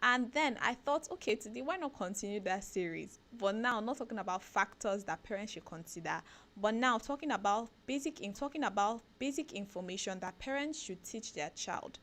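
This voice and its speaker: A woman, hosting a casual radio talk segment, chatty and animated, laughing often and asking rhetorical questions. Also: mid-range voice, moderate pace. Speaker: radio show host. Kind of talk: casual talk segment giving parenting advice.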